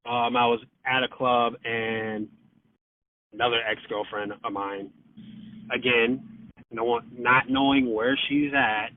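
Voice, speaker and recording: Over a tinny, dry phone line, a podcast guest with a steady, mid-range voice tells a casual story at a slow pace. He swears freely, uses lots of fillers, and acts out quotes.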